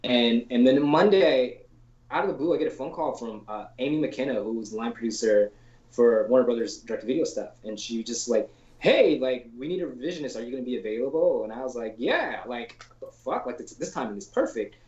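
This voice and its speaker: A man's voice: medium pitch, a little fast. Slangy male storyboard artist, echoey call. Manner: loose and slangy, heavy on "like", swears casually; acts out quoted people in animated voices. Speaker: storyboard artist, podcast guest. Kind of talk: casual anecdotal storytelling in an interview. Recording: roomy, dull lo-fi call audio.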